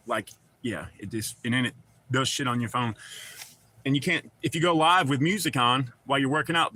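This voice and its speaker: A man's voice: mid-range voice, bright, forceful tone. A middle-aged man with a Southern accent chats loosely on a livestream, rambling and reading out viewer comments with casual swearing. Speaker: livestream host.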